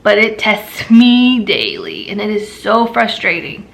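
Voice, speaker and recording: A drained woman talks straight to her viewers in a personal vlog. Her voice is gravelly and full of fry, and it sits at a middle pitch. She sounds worn out and vents without polish. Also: wildly swooping pitch, unhurried, a bit bright, a little hiss or hum. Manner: weary, drained venting. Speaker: mother vlogger.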